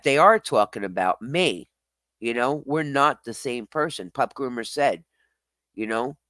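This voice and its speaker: A man's voice: mid-range voice, fairly bright tone, no echo. A man streaming live, reading chat comments aloud and answering them bluntly. He swears freely, laughs often and talks straight back to his viewers.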